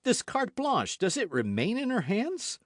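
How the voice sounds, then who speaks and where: A dashing young swordsman bursts out in a raised, lively voice, as a male narrator puts him on. He speaks with an excited, indignant edge in this storybook reading. The sound is dry and close. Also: high voice, a little slow, no echo, pitched above the performer's own voice, heavily acted. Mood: urgent, indignant. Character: dashing young male musketeer, hot-headed.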